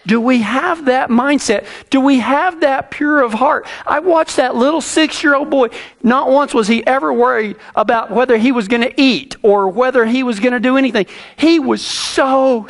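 A man's voice: very high voice, moderate pace, vocal fry. A middle-aged man, preaching a sermon and telling a personal story in a folksy way, with many restarts.

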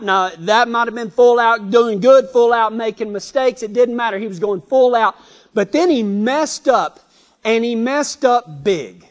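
A man preaching a sermon in an animated, folksy storytelling manner. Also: very high voice. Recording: long reverb.

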